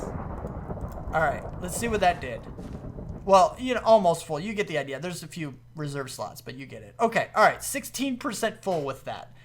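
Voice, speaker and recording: A man giving casual commentary over his modded gameplay, excitable, laughing often and jumping to high-pitched exclamations. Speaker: gaming video host.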